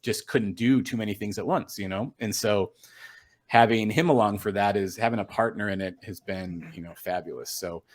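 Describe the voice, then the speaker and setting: With a lowish voice at a moderate pace, this middle-aged podcast guest, a storm chaser and photographer, tells stories in a rambling way packed with fillers and false starts. He comes across as earnest and willing to share his feelings.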